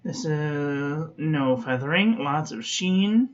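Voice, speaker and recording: A woman calmly reviewing fountain pen ink in a chatty vlog, often correcting herself as she talks to her viewers. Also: sits low, slow, highs cut off. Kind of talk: unhurried product review.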